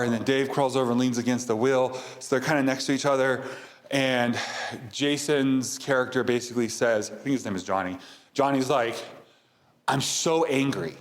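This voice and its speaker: A man's voice: mid-range voice, fairly even intonation, brisk. A man hosting a podcast, casually recapping a movie in a rambling way with many fillers. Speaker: podcast host.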